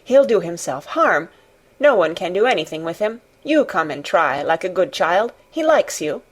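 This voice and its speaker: A woman's voice: on the low side, big pitch swings. A woman voicing an anxious adult nurse who speaks in a great hurry. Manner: hurried, coaxing.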